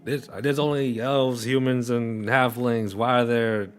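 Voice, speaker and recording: A man narrating as game master of a tabletop game, describing things in a relaxed, unhurried way. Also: medium pitch.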